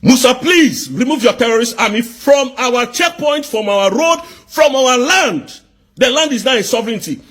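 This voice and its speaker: A man from southeast Nigeria, delivering an angry political rant full of repeated rhetorical questions and bursts of shouting. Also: very high-pitched, animated, normal speed.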